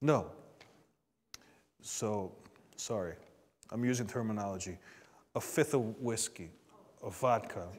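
A man preaching a sermon to a congregation. He swings between quiet asides and emphatic rises, and calls out for responses. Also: on the low side, slow pace, pauses often, husky. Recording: long hall reverb.

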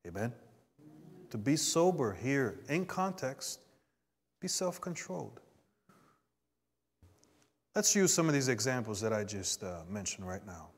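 A man preaching a sermon to a congregation. He swings between quiet asides and emphatic rises, and calls out for responses. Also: medium pitch, expressive, normal speed, hardly any pauses. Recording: long hall reverb.

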